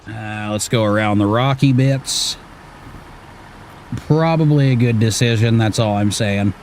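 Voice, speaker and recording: A man's voice: fairly low pitch, unhurried, a little mellow, a little hiss or hum. A man in his thirties from Washington State, casually talking through an off-road driving game, muttering to himself and swearing now and then. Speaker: gaming streamer. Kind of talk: casual gameplay commentary.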